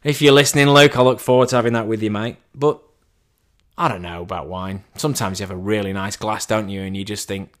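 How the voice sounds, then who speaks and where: A man telling a casual story as a monologue, animated and chatty, with a self-deprecating tone and frequent restarts. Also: lowish voice, fast. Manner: animated, acts out quoted dialogue in a raised voice.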